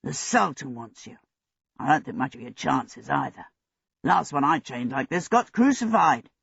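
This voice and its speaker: A narrator voicing a grim blacksmith who murmurs in a low, quiet voice. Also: lively intonation, moderate pace, gravelly, slightly rough, no echo, exaggerated voice. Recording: dull lo-fi audio.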